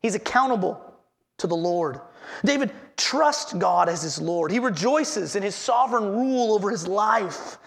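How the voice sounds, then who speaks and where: Pastor guy preaching, gravelly voice, keeps repeating his points and asking the room questions. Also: high voice, expressive, moderate pace, fairly bright tone. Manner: earnest preaching with repeated headings and questions to the congregation. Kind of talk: sermon.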